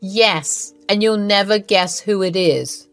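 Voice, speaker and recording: A woman's voice: medium pitch, slow, dry recording, faint music behind. A woman voicing a smug, scheming middle-aged mother-in-law in a storybook narration. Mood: gloating.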